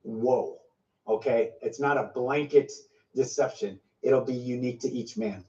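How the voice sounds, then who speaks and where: A man's voice: medium pitch, a little slow, mellow. A man giving informal prophetic teaching, emphatic and piling up repeated phrases. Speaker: preacher sharing a prophetic word. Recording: dull, slightly distant lo-fi sound.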